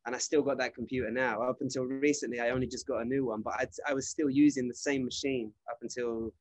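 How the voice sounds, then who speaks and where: A man's voice: mid-range voice, fast. A young man with a British accent, chatting casually as a musician guest and telling stories with plenty of fillers. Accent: British English. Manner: relaxed, chatty storyteller, many fillers. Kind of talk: casual interview chat.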